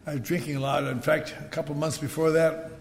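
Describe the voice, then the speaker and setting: At a recovery meeting in a big hall, an older man rambles through wry personal stories with asides to the audience. His voice is a little high and creaky, his delivery flat and fairly quick. The hall recording is echoey, with faint background noise.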